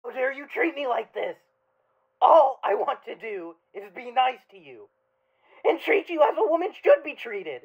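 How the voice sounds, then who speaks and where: A man's voice: very high voice, very animated, normal speed, breathy edge, full character voice. A man playing an unhinged, self-pitying online stalker in a comedy skit, whiny one moment and menacing the next. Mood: indignant. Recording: dull lo-fi audio clip.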